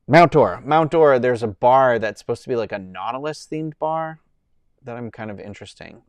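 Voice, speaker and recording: A young man with a middle-pitched voice talks his way through a relaxed live stream, rambling from one thought to the next and answering viewers between fillers and laughs. His voice sits close and dry on the mic, with no room sound around it. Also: brisk, clear, resonant tone, dry recording. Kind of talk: casual chat reading viewer comments.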